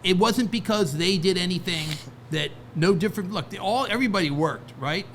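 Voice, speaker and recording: Male podcast guest, slightly high, gravelly voice, rambling talker full of restarts, faint background noise. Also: lively intonation, fairly quick, a bit bright. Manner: rambling, many restarts and "right?" asides. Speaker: guest, record label founder. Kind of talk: casual interview talk.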